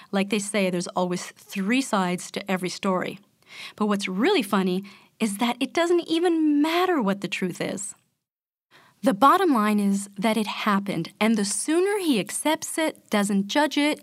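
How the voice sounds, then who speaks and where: A woman gives a calm self-help talk, explaining her points steadily and addressing the listener directly. Her voice sits at an ordinary middle pitch in a dry, close recording. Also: no echo. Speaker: motivational speaker.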